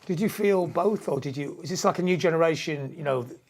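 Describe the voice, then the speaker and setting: A husky, gravelly male interviewer who talks fast and hooks his questions with tag endings. He prompts his guest in a relaxed, conversational way. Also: fairly high pitch.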